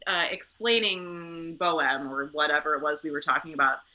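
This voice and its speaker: Bright-toned chatty woman, muffled audio. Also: deep voice, fairly even intonation, moderate pace. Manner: chatty storyteller with many fillers and restarts. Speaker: opera singer and company director. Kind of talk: conversational interview.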